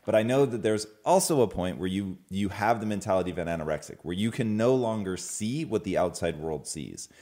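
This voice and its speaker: Deep-voiced man explaining calmly. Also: a little fast, hardly any pauses. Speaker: co-host in couple's chat. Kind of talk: casual chat.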